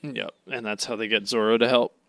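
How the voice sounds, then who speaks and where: A man co-hosting a podcast, reacting with laughs and animated banter while recapping episodes. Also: fairly low pitch, fairly quick, gravelly, no room sound. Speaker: podcast co-host. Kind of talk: casual chat recapping episodes.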